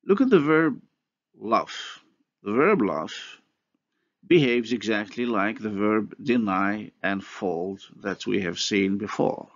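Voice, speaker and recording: Slow gravelly male phonology lecturer. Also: on the low side, animated. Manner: slow, methodical explaining with pauses and restarts. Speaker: university linguistics lecturer. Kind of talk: recorded university lecture. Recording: dull lo-fi lecture recording.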